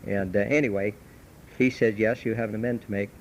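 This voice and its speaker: A man's voice: fairly low pitch, a little fast, highs cut off. A middle-aged man giving a folksy, storytelling recovery talk at a meeting, grown up in Southern California. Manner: folksy storytelling, animated when telling the anecdote. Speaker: AA speaker. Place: meeting hall. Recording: old cassette tape with faint hum.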